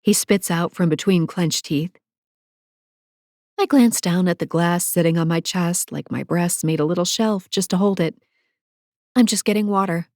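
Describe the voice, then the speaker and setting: Recorded at studio quality on a close mic with no room sound, a woman narrates a first-person romance at normal speed in a low-leaning, darkish voice. She's sassy, tosses in playful asides, and whispers breathily when things get intimate.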